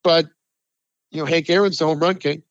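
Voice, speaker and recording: A man co-hosting a sports talk podcast, ranting loudly and with a lot of swearing, from the New York area. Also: a little high, steady tone, moderate pace, dry recording. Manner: ranting, profane, emphatic, heated. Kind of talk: heated sports talk chat. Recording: dry, muffled lo-fi sound.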